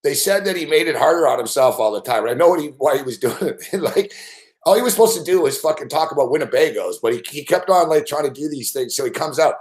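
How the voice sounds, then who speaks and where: Man host, casual reaction talk, laughs a lot, swears, lively highish voice. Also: fast. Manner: laughing often, profane, amused.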